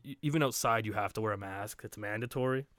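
A man co-hosting a podcast, telling a story in relaxed casual chat and laughing often. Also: on the low side, fast talker, no echo. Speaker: podcast co-host. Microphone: home studio mic.

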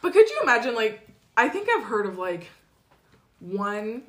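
High bright woman podcaster, swears a lot, laughs thru her stories, voice jumps all over. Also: big pitch swings, normal speed. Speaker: podcast co-host. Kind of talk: casual chat.

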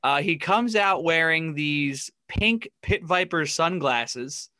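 A man's voice: on the high side, expressive, slow pace, pushed and bright, dry recording, clean studio sound. A man co-hosting a casual sports podcast, recounting funny stories and laughing often. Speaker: podcast co-host.

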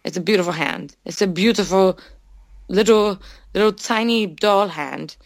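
A woman's voice: medium pitch, moderate pace, dry recording, close to an everyday voice. A woman playing an eccentric, beret-obsessed oddball who talks about herself in the third person, in an improv comedy bit. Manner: talks about herself in the third person, clumsy formal phrasing, sudden apologies. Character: eccentric beret-obsessed woman called Jim Jim, oddly formal.

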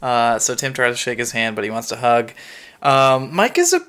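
A man's voice: mid-range voice, sing-song, normal speed, fairly bright tone. A man co-hosting a podcast, casually retelling a TV episode's plot step by step with light laughter. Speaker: podcast co-host.

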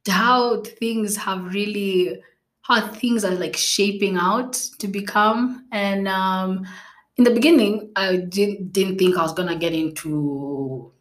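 A woman's voice: mid-range voice, slow, reverberant. Chatty woman hosting a podcast. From Kenya. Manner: chatty and self-laughing, many fillers and restarts. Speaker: podcast host. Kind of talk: casual solo podcast chat.

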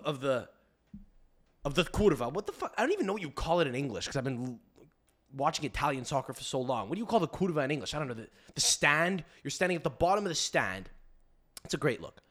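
A young man hosting a podcast in casual chat, animated and joking, swearing as he rants. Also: mid-range voice. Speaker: podcast host.

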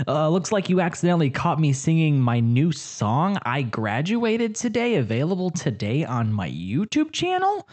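A man's voice: a little high, wildly swooping pitch, normal speed, few pauses. A young man hosting a podcast, rambling through crude jokes in a casual comedic monologue. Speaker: podcast host.

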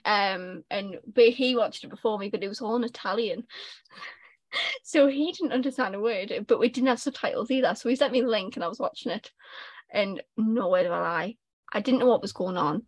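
A woman's voice: mid-range voice, a little fast, no room sound. A young woman, co-hosting a casual podcast and telling stories animatedly, acting out quotes. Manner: animated storyteller, acts out quotes. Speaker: podcast co-host. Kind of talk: casual chat.

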